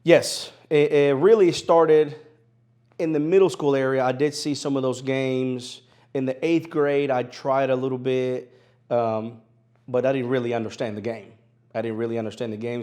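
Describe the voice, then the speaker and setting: Man, 30s, venezuelan spanish accent with a hint of tennessee twang, animated storyteller, mid-pitched voice. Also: moderate pace. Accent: Venezuelan Spanish with an East Tennessee twang. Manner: animated storyteller, laughs easily, repeats phrases for emphasis. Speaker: interview guest, sports broadcaster. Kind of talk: conversational storytelling interview.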